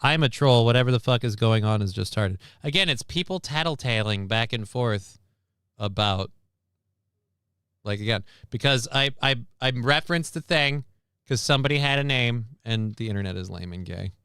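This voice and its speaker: A man's voice: medium pitch, normal speed, fairly bright tone, clear, resonant tone, no echo, studio quality. A man hosting a livestream, reacting to news clips in blunt, sarcastic casual commentary, swearing often. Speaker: livestream host.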